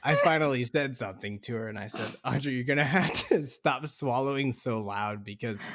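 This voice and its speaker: A man's voice: medium pitch, a little fast, a bit bright. A man co-hosting a casual podcast, telling a story and laughing through his words. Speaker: podcast co-host.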